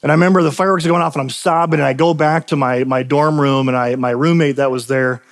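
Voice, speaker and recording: A man preaching a sermon in an earnest, personal way, with a voice that sits a little higher than most men's. He leans on repetition to drive his points home and moves between storytelling and teaching. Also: fairly even intonation, fast. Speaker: pastor.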